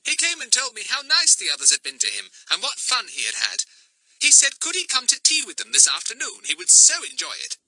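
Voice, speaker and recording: A cheerful, sly schoolboy in a children's storybook, smoothly polite, as a man puts him on. The voice sits well above a man's own and sounds a little distant. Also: extremely high pitch, wildly swooping pitch, fairly quick, bright, forceful tone, no room sound, voice pushed up, heavily acted.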